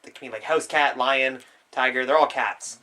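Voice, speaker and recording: A man's voice: mid-range voice, moderate pace, pushed and bright. A young man co-hosting a podcast in casual chat, with dry, offhand quips. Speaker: podcast co-host.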